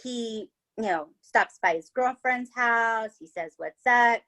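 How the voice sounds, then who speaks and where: A woman's voice: on the high side, slow pace, bright, forceful tone. A woman hosting a podcast, telling a true-crime story in a casual, chatty way, swearing freely and checking in with "right?" and "okay?". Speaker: podcast host.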